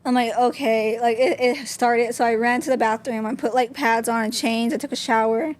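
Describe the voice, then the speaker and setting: A woman's voice: on the high side, fairly even intonation, moderate pace. A young woman, a podcast guest, telling a personal story openly and candidly, with many "like" fillers. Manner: open, talks with frequent "like" fillers.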